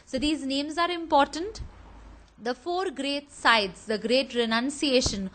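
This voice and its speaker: A woman's voice: high-pitched, measured pace, a bit bright, rough recording. A woman teacher, explaining a history lesson patiently and speaking directly to her students.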